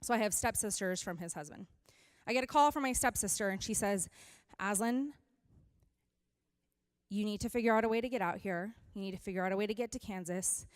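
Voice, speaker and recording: A young woman speaking as a youth pastor, giving an earnest and animated sermon that moves from scripture into a candid personal story. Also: mid-range voice, brisk, no echo. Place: church hall.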